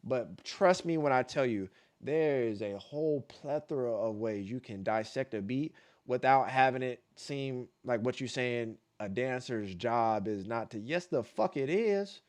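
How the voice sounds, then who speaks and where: A man's voice: mid-range voice, a little slow, a little mellow. A man giving blunt, profane live-stream commentary, repeating points for emphasis and vocalizing beat patterns aloud. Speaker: streamer reacting to dance battles.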